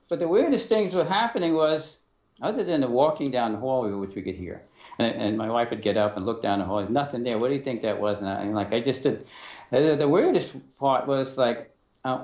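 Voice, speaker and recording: Here a male interview guest with a medium-pitched, animated, darkish voice recounts an eerie personal experience. His delivery is halting, full of fillers and false starts, and he performs the dialogue himself. The recording comes across dull and roomy.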